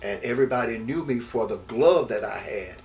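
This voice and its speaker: An older Houston, Texas man, once a baseball player, reminisces in an interview in a gravelly, medium-pitched voice at a brisk pace. He rambles, repeating words and starting over, and livens up as events come back. The recording uses a distant mic with faint background noise.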